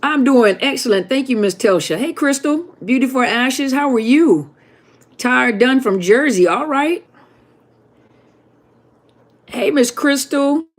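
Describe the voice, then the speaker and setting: A woman with a fairly high voice hosts a casual live stream, greeting viewers one by one in a friendly, chatty way. She talks from a home setup into a webcam mic. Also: expressive, slow pace, long pauses.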